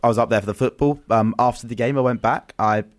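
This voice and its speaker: A man's voice: mid-range voice, fairly even intonation, quick pace. A man hosting a casual chat, rambling through stories with lots of restarts and ums. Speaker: podcast host.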